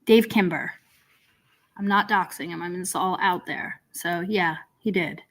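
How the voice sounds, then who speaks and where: Speaking a little slowly in a lowish, somewhat bright voice, a woman rambles through her casual drama commentary stream. She sounds exasperated and sarcastic, with lots of ums and restarts.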